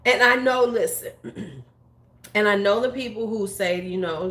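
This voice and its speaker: An American beauty YouTuber in her forties shares her opinions in casual chat, speaking bluntly and with profanity. Her voice is mid-range and a bit bright, delivered at a measured pace. The room gives the recording a roomy echo.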